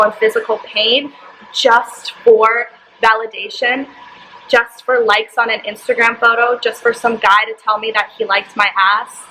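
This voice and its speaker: A young woman tells a personal story to camera in a bright, fairly high voice. She talks candidly and emotionally, dropping in "like" often. A faint hiss sits under the recording. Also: rough recording. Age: young adult. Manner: candid, emotional, frequent "like" fillers. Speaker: vlogger.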